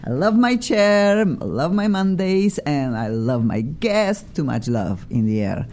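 A woman's voice: sing-song, measured pace, darkish tone, a little hiss or hum. A woman with a Polish accent hosting a radio talk show from a studio, effusive and theatrical. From Poland. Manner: exuberant and theatrical, swooping pitch.

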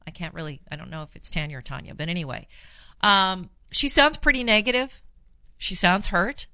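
A woman's voice: lowish voice, a little fast, pushed and bright, clear, resonant tone, no room sound. A woman hosting a call-in advice show as a therapist, reassuring callers and reading listener emails in a chatty way with many fillers. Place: Los Angeles studio.

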